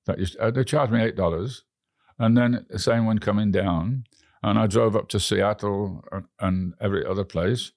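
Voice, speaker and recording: Gravelly English man telling stories. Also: fairly low pitch, normal speed, a little mellow, dry recording, studio quality. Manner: rambling, frequent restarts. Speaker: interview guest. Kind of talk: anecdotal storytelling.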